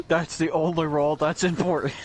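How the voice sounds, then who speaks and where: Dry laid-back podcast man. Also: on the high side. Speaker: podcast co-host. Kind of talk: casual anime review chat.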